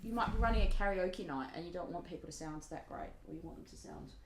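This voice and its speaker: A woman's voice: on the low side, animated, fast talker. Chatty woman in an echoey room. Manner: chatty, self-deprecating, rambling with restarts. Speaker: singer reviewing microphones. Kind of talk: casual demo talk. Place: home recording setup. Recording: echoey room, faint noise.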